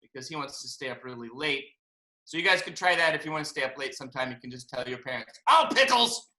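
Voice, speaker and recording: Bright, animated man reading to kids. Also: medium pitch, quick pace. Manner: animated, chatty storytelling to kids. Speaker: children's book author. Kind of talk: reading a picture book aloud to children. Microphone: video call. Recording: echoey room over video call.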